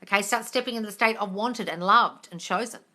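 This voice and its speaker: A woman hosts a live-stream Q&A, giving listeners firm, practical coaching. Her voice is bright and forward. She is direct and familiar, calls people darling, and lets a casual swear slip now and then. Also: medium pitch, fairly quick. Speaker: manifesting coach answering viewer questions.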